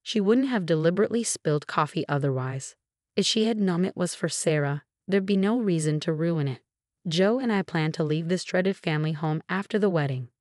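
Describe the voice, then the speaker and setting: A woman narrating a first-person family drama story in a scripted, even and measured way. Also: fairly low pitch, no room sound, studio quality.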